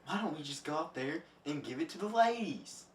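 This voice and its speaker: A woman's voice: low-pitched, animated, a little fast, voice pushed down. A woman in an amateur student play voicing a dim-witted con-man duke who talks hesitantly. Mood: dopey. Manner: hesitant, mumbling. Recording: roomy and distant from the mic.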